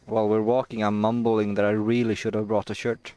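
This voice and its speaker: A man's voice: lowish voice, little pitch movement, fairly quick, darkish tone, smooth. A man playing a tabletop game, making dry in-character remarks. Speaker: player.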